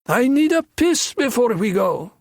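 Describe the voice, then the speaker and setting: A man voicing a smug, slow-witted male thug with a high, shrill voice in an audiobook thriller. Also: sing-song, no room sound, clean studio sound, heavily acted. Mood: blunt. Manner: smug, blunt.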